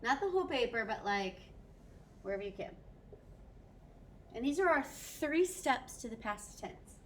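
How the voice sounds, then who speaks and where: A woman's voice: fairly high pitch, big pitch swings, measured pace, a little hiss or hum. A woman French teacher recording a video lesson for her students, upbeat and mixing French phrases into her English explanations.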